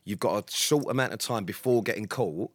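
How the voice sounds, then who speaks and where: A man's voice: lowish voice, no echo, studio quality. A man co-hosting a podcast, teasing his partner in sweary casual banter. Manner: teasing, sweary, quick-fire. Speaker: podcast co-host.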